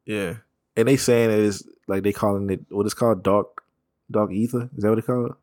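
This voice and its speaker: A man talking casually about comics, rambling with slang, profanity and quick laughs. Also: fairly low pitch, fairly even intonation, darkish tone, no echo. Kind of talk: casual chat.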